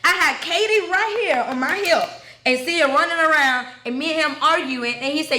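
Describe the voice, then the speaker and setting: A young woman tells her own story straight to her viewers. Her voice sits high and sounds bright and sharp. She talks bluntly, swears freely and keeps turning to the camera, while the room around her echoes. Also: normal speed. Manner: blunt, profane, addresses viewers as y'all.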